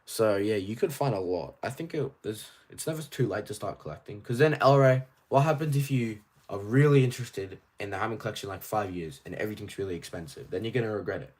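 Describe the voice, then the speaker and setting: A man with an Australian accent chatting casually on a livestream, reading viewers' questions aloud and answering in a rambling, animated way. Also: fairly low pitch. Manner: rambling and animated, quick asides. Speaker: toy collector streamer.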